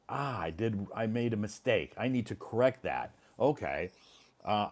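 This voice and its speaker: A man's voice: fairly low pitch, big pitch swings, moderate pace. A male English teacher giving a casual live-stream lesson, explaining patiently and repeating words for learners. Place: living in China.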